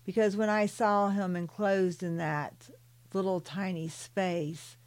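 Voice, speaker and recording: An older woman reads her own spiritual story in a soothing voice, stopping for gentle personal asides to the listener. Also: medium pitch, fairly even intonation. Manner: slow and soothing, calls listeners "beloved". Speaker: author and spiritual channeler.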